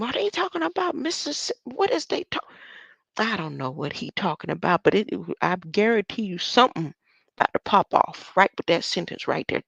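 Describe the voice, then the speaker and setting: Slow, gravelly woman with rhetorical questions. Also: medium pitch, fairly bright tone, no room sound. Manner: asks rhetorical questions, talks back to the clip. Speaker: commentator reacting to a speech. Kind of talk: conspiratorial commentary. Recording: dull lo-fi dry recording.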